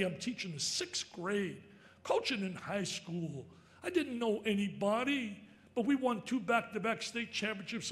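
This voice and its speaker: An older man tells stories in a speech. His voice sits high, and he talks in an excitable, emphatic way, often rising to a shout. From New Jersey. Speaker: sportscaster giving an induction speech. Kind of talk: storytelling speech.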